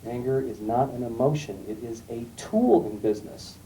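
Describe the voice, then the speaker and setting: A middle-aged man giving a classroom lecture, telling anecdotes in a calm, emphatic storytelling way. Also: medium pitch, moderate pace. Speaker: guest lecturer. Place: lecture room. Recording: distant mic, faint room noise, archival tape.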